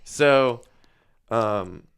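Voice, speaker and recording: A man's voice: mid-range voice, extremely slow, a bit bright, clean tone. A man on a podcast as a guest, telling a long personal story in a casual, rambling way with plenty of swearing. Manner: rambling, profane, frank about his anxiety.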